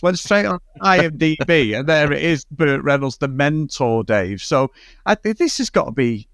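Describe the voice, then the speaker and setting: Man, fairly high pitch, very lively intonation, teasing, swearing, casual podcast banter. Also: moderate pace, no echo, studio quality. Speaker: podcast co-host. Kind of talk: casual chat.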